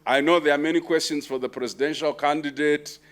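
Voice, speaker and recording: A man chairs an audience Q&A in a lecture hall, his voice fairly high and steady in tone. He is brisk and bantering, pushing questioners to keep it short.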